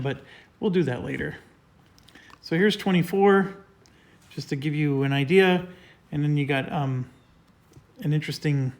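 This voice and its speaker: A man hosting a board game playthrough, explaining each move step by step with frequent fillers. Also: a little high. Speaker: host.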